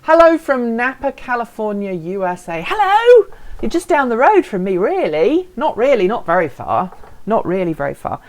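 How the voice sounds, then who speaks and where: A woman's voice: mid-range voice, big pitch swings, moderate pace. A woman hosting a casual live stream, chatting and answering viewer comments in a playful, self-deprecating way.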